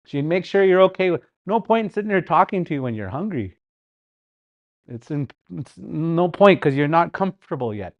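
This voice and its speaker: A man teaching a live language class, speaking slowly and repeating words with rhetorical questions. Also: a little high, lo-fi sound. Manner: slow, repetitive, with sounded-out words and rhetorical questions.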